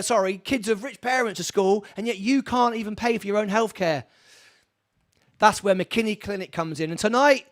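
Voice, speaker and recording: A man hosting a live-streamed charity fundraiser from his studio, rambling excitedly and laughing often. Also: high voice. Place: home studio.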